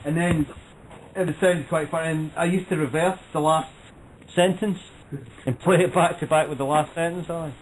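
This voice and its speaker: A man co-hosting a casual radio chat, joking and quick to agree. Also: a little high, fairly even intonation, rough recording. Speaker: co-host. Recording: faint background noise.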